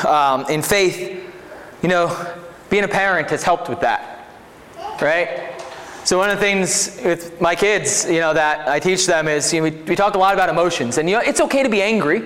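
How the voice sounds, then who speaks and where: A man's voice: a little high, normal speed, a bit bright, in a large hall, a little hiss or hum. A man preaching a sermon as pastor in a conversational way, often checking in with his listeners. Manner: conversational, asks 'right?' often.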